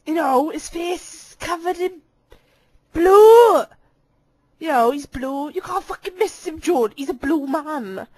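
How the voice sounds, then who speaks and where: A young woman recording casual voice clips into a handheld mic at home, giggling, swearing and teasing playfully. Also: high voice. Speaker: voice clip maker. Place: cold room at home.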